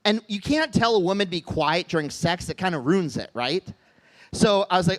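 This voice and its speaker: Stand-up, man in his 30s, high voice, deadpan and halting, from the Midwest, on a club stage mic. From Midwest United States. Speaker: stand-up comedian. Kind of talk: stand-up set.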